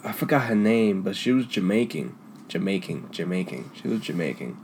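A young man telling stories from school in a casual, slangy chat, laughing often and trailing off into quieter mumbles. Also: deep voice, big pitch swings, moderate pace. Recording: faint background noise.

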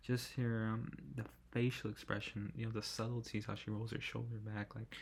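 A man's voice: lowish voice, level tone, normal speed, a little hiss or hum. A man hosting a podcast, talking through a film review in an enthusiastic, rambling way and often correcting himself. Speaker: podcast host. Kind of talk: casual film review chat.

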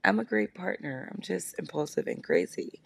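A woman's voice: on the low side, lively intonation, normal speed, gravelly, husky. A woman hosting her own show, talking in a casual confessional monologue, blunt and profane, jumping from topic to topic. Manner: rambling, jumps from topic to topic. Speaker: podcast host.

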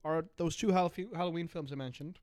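A young man trades loose, profane jokes as a podcast co-host. His voice sits a little high for a man and sounds close and dry, with no room around it. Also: fairly even intonation, brisk, darkish tone, dry recording. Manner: rambling, profane, joking. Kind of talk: casual chat.

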